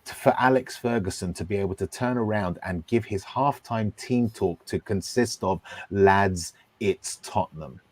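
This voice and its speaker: A man's voice: fairly low pitch, moderate pace, few pauses, a little mellow. A man ranting emphatically on a football podcast, hammering his points and asking "okay?" again and again. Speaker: podcast host. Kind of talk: heated football talk.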